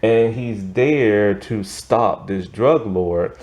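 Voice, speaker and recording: A man's voice: fairly low pitch, very slow, darkish tone. A young American man giving a rambling, casual movie review, full of fillers and restarts. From United States.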